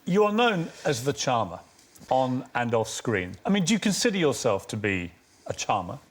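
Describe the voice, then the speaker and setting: A man's voice: medium pitch, big pitch swings, moderate pace, a little hiss or hum. A man hosting an interview show, asking probing questions with wry, teasing remarks.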